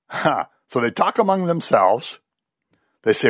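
A man's voice: medium pitch, slow, long pauses, dry recording. Guy giving a sermon, voice swings up and down a lot, dry close sound. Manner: animated storytelling, voices quoted figures. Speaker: preacher.

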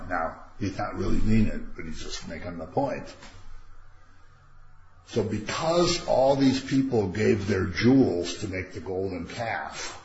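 An older man leading an informal Bible study, talking conversationally and turning animated when he quotes God. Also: low-pitched, reverberant. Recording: dull lo-fi recording with faint noise.

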